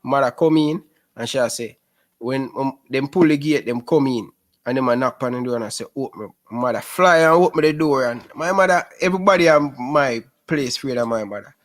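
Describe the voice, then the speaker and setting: A man in his twenties with a Jamaican Patois accent, a guest telling lively stories in a casual interview. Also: medium pitch, a little fast. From Rema, Jamaica. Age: 20s. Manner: lively storyteller who keeps calling the host "sis".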